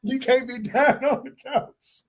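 A man's voice: very high-pitched, steady tone, measured pace, a crowd in the background. Joking comedian man hosting a podcast. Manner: joking, laughing banter. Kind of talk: casual chat.

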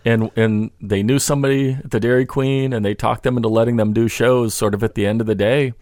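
A man's voice: mid-range voice, steady tone, a little fast, darkish tone, no echo, studio quality. A man in casual podcast conversation, talking in a rambling way with many restarts and "you know" fillers.

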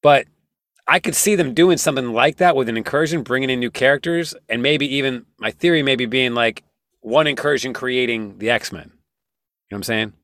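A man in casual podcast chat, explaining and riffing in an animated, profane way. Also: mid-range voice, moderate pace, no echo, clean studio sound.

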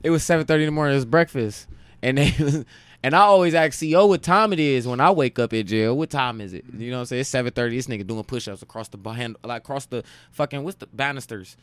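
A man in his late twenties from Cleveland tells long, profane anecdotes with an easy, animated swing. His voice sits at a middling pitch, recorded dry and close. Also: quick pace, smooth, no room sound. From Cleveland, Ohio. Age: late 20s. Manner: profane, animated anecdote-telling with frequent laughs. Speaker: podcast guest, musician. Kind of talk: casual storytelling chat.

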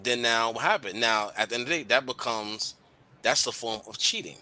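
A man's voice: medium pitch, brisk, pushed and bright. A young man hosting a casual podcast, talking bluntly about relationships with lots of slang and swearing. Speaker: podcast host.

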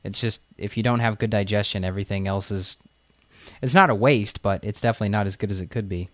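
Low-voiced man in casual podcast chat. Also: fast, no echo. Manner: conversational, personal anecdotes. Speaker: podcast co-host.

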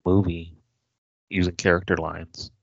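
Male podcast co-host, very deep, husky voice, dry and unhurried. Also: little pitch movement, no room sound, highs cut off. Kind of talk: casual chat.

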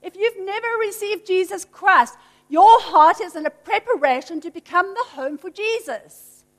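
A woman's voice: very high-pitched, expressive, moderate pace. A woman preaching a sermon, emphatic and teasing with playful asides. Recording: long hall reverb.

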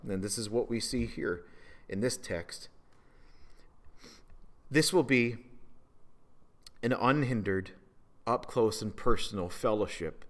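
A man preaching a sermon. He rises to loud, emphatic peaks and drops to hushed, slow phrases. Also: mid-range voice. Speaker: pastor.

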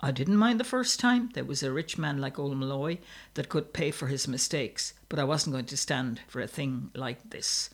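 A man voicing a rough, bullying older brother who barks commands. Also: mid-range voice, moderate pace, close to an everyday voice. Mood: gruff. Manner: gruff, commanding.

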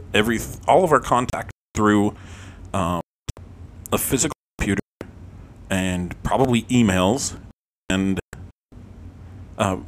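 A man's voice: fairly low pitch, a little hiss or hum. A man hosting a podcast, telling a personal story in a rambling, profane, self-deprecating way, with lots of "um"s. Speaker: podcast host. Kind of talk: casual storytelling monologue.

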